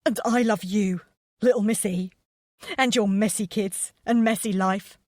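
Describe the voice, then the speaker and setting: A woman voicing a grown man who pleads softly and affectionately with his lover on the phone. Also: medium pitch, fairly even intonation, unhurried, dry recording, clean studio sound, natural voice. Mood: tender.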